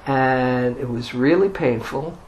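Slow-speaking man giving a dharma talk. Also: mid-range voice, a little mellow, a little hiss or hum, low-quality recording. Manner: unhurried personal storytelling. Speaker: meditation teacher.

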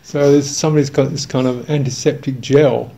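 A man's voice: medium pitch, steady tone, a little fast, vocal fry, very noisy. An older English man, a Buddhist monk, telling a humorous, self-mocking story in a dharma talk, chuckling along.

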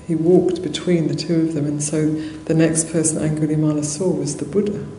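A Buddhist nun giving a dharma talk in a monastery hall, telling a story conversationally with soft laughs and many fillers. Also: female voice, deep voice, level tone, moderate pace. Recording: roomy hall echo, faint noise.

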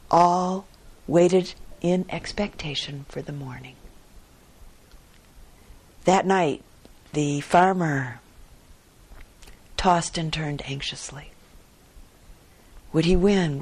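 A woman meditation teacher telling a story in a dharma talk, unhurried and gently expressive. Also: low voice, husky.

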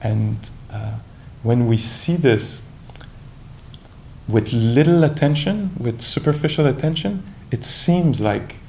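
Gravelly, mellow-voiced meditation teacher. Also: male voice, medium pitch, slight background noise. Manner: calm, reflective, searching with many restarts and "you know". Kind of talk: dharma talk.

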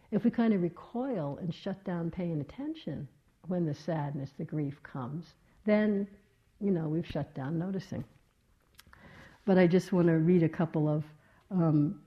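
Woman meditation teacher, reflective dharma talk, lowish voice, slightly dull recording. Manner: gentle, reflective, with many soft fillers.

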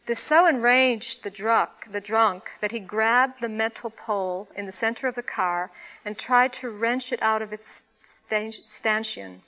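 A woman meditation teacher giving a dharma talk, reading a story aloud with expressive storytelling. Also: fairly high pitch, measured pace, low-quality recording. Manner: expressive storytelling, laughing at times.

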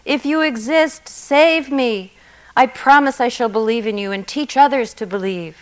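A woman doing a frantic man shouting from a cliff. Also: medium pitch, normal speed, smooth, lightly acted. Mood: shouting pleas. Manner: pleading and shouting. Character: desperate male atheist dangling from a cliff.

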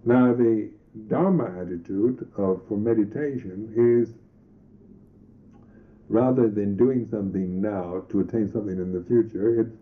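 A Buddhist monk teacher giving a reflective meditation talk, pausing and restarting his phrases often. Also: fairly low pitch. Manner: slow, reflective, halting with restarts. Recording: tinny lo-fi old recording.

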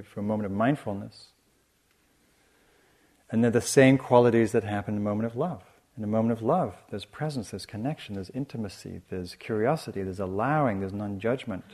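A man giving a dharma talk as a meditation teacher, speaking softly and reflectively in a measured way. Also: lowish voice. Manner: soft, measured and reflective, with frequent restarts.

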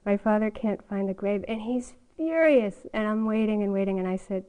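A woman's voice: medium pitch, normal speed, clean tone, narrow, tinny audio. An older woman giving a meditation talk at a retreat, telling a personal story in a candid way and laughing often. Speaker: meditation teacher.

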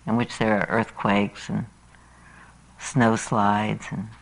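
A woman meditation teacher giving a dharma talk, reading a children's story aloud in an unhurried, expressive way. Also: extremely low pitch, vocal fry, low-quality recording.

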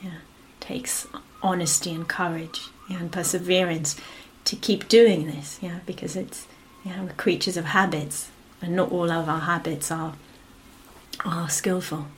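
Woman meditation teacher, lowish voice, gentle dharma talk that trails into whispers. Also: fairly even intonation, a little hiss or hum. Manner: gentle and unhurried, often fading to a whisper; frequent affirming "yeah" between phrases.

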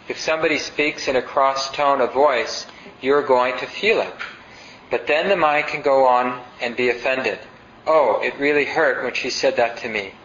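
A man's voice: mid-range voice, a bit bright, a little hiss or hum. A male meditation teacher giving a conversational dharma talk. He reads passages aloud and asks the audience questions. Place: meditation center hall. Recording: roomy, dull lo-fi sound.

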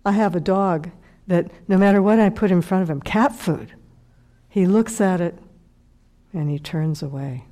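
A woman's voice: on the low side, measured pace, pauses often, mellow. A middle-aged woman, a meditation teacher, telling a heartfelt personal story in a dharma talk and sometimes dropping to a whisper.

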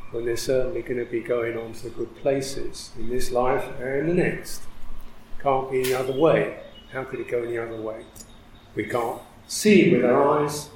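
A man who is a Buddhist monk teacher, giving a reflective dharma talk with frequent soft laughter. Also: mid-range voice, echoey room, a little hiss or hum, low-quality recording.

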